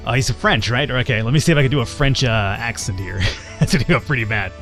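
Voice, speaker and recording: A man's voice: medium pitch, quick pace, fairly bright tone, faint music behind. A man hosting a let's play, giving casual gameplay commentary in a chatty, self-deprecating way as he thinks aloud.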